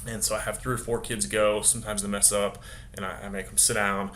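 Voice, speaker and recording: Casual male teacher with a lowish voice, upbeat and chatty, a faint room hum under him. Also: flat delivery, a little fast, a bit bright. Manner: upbeat, acts out classroom dialogue. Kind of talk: casual instructional talk to camera.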